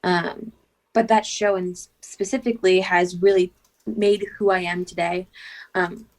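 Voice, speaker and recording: A woman's voice: medium pitch, fairly even intonation, measured pace. A young woman guest chatting casually and eagerly, with lots of filler words. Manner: bubbly, chatty, lots of ums and likes. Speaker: guest fan. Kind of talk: casual video call chat.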